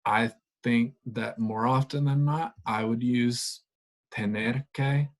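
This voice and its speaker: A man teaching a Spanish grammar lesson, explaining patiently and relaxed, with frequent ums and uhs. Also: mid-range voice, slow pace. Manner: relaxed, explanatory, many fillers.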